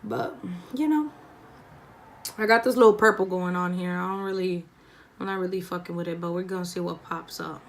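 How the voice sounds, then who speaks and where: A woman's voice: on the low side, moderate pace, pauses often, slight background noise. A young woman vlogger who tells a story in a chatty, laid-back way while doing her makeup, swearing freely. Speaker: beauty vlogger.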